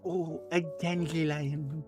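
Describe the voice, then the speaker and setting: A man voicing a dopey, slow-talking cartoon sloth, drawing out his words over faint game music. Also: on the high side, flat delivery, voice pushed up. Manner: slow, drawn-out, goofy.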